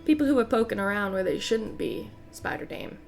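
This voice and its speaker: A woman voicing a dutiful female henchwoman who speaks low, quiet and deferential. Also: a little fast, faint music behind, close to an everyday voice.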